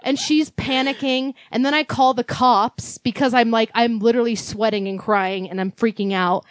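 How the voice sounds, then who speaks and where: A woman telling a frantic story in casual chat, animated and swearing often, acting out panicked quotes. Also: on the high side, moderate pace, no echo.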